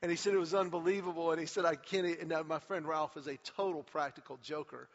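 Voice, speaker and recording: A male pastor giving a sermon, telling a story with lively acted-out quotes and climbing energy. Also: on the high side, fast. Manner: animated storyteller, acts out quotes with rising energy. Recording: muffled hall recording with long reverb.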